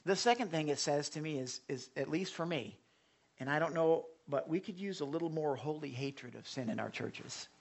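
A man's voice: fairly high pitch, gravelly. A man preaching a sermon as pastor, talking conversationally, stumbling and restarting, then swelling into fervent bursts. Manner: conversational, swings from hushed asides to impassioned outbursts; halting restarts and repetitions.

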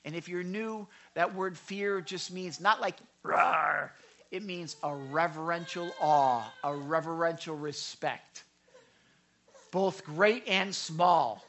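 A man preaching a sermon as pastor, emphatic and swinging between loud and hushed delivery. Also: on the high side, slow.

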